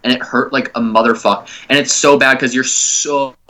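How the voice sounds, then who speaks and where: A man's voice: mid-range voice, fairly even intonation, moderate pace, sharp tone. A young man co-hosting a comedy podcast, telling rambling stories full of swearing and filler words. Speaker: podcast co-host. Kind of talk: casual chat.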